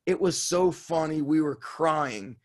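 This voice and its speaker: A man who is a strength coach telling a story on an interview in an excitable way, swearing and laughing as he goes. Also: on the high side, takes it slowly. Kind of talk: animated storytelling.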